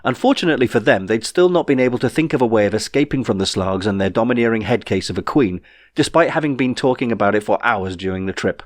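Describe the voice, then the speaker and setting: Man, audiobook narration, wry, measured, dry close recording. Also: medium pitch, expressive, no echo. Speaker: author reading his novel.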